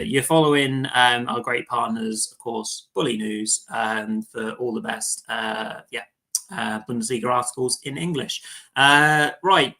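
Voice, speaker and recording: A man hosting a live fantasy football show, chatty and relaxed, with lots of fillers and restarts. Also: medium pitch, poor audio. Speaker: host.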